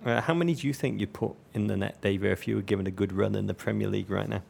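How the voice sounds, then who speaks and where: A man's voice: fairly low pitch, racing, gravelly, darkish tone, a little hiss or hum. A man from North West England co-hosting a football podcast, talking in a florid, joking way full of vivid comparisons. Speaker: podcast co-host. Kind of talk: comic football chat.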